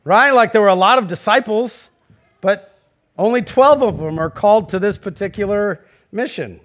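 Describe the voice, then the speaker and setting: High-voiced pastor preaching conversationally. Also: male voice, normal speed, a bit bright. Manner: conversational, asks the congregation questions, acts out quoted voices. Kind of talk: sermon.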